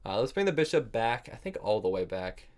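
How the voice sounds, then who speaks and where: A man's voice: on the low side, big pitch swings, a little fast, a little mellow. Self-critical male chess streamer thinking aloud. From United States. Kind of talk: casual live-stream commentary while playing.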